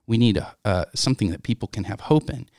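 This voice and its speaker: A man co-hosting a faith podcast, speaking in a reflective, measured way. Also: lowish voice, darkish tone, no room sound, clean studio sound. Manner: reflective, measured, quotes scripture. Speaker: podcast co-host. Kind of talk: casual faith discussion.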